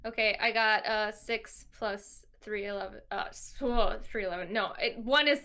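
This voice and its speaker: A woman playing a tabletop game, talking in a halting, self-deprecating way and stumbling over her numbers. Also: medium pitch, pushed and bright. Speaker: player. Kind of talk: casual tabletop game play.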